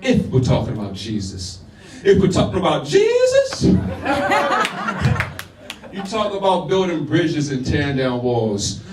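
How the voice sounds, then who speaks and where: Declaiming spoken word poet, echoey room. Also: male voice, on the high side, huge pitch swings, measured pace, long pauses, far from the mic, noisy background. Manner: declamatory, punchy delivery with crowd banter. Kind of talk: live spoken word performance with casual asides. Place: live venue with audience.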